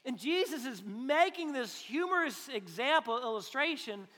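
A man's voice: very high-pitched, very animated, moderate pace, bright, forceful tone. A male pastor preaching a conversational sermon with jokes, acting out little quoted voices along the way. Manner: joking, conversational, acts out quotes. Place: church sanctuary. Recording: long hall reverb.

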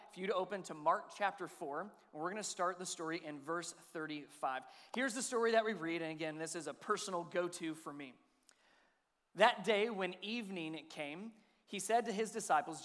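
A man's voice: sits high, a bit bright, long reverb tail. A man in his thirties preaching a sermon as pastor, chatty and conversational, often asking his listeners questions. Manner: conversational, asks the audience questions.

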